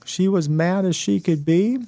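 A man's voice: sits high, unhurried, warm tone, no room sound, studio quality. A man hosting a motivational talk show, speaking emphatically and repeating phrases for effect. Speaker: host.

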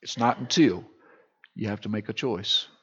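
A male pastor preaching a sermon with passion, swinging from hushed to loud. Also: lowish voice, normal speed, breathy edge, highs cut off.

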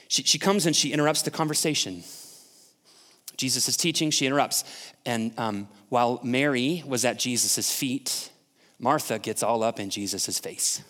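A man's voice: medium pitch, normal speed, a bit bright. Man preaching in a reverberant hall. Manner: conversational, asks the congregation questions. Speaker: pastor. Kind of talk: sermon.

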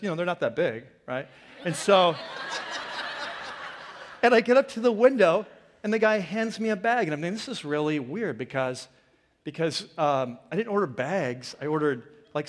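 A man preaching a sermon as pastor, in a chatty, joking way that drifts into personal stories. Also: sits high. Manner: chatty, joking, digressive storytelling. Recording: long reverb of a large hall.

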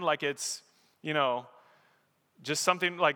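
A man's voice: sits high, a little slow, sharp tone, clean tone. A man preaching a sermon as pastor, telling stories and building to emphatic peaks. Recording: echoey hall.

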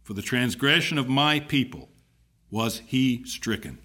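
A man solemnly reading scripture aloud in church while the congregation answers. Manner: measured, dramatic reading with lively pitch. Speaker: scripture reader. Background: congregation answering amen.

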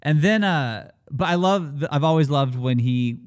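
A man's voice: fairly high pitch, moderate pace, smooth. A man chatting casually on a movie podcast, rambling through his thoughts and backing others up with short agreements. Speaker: podcast co-host.

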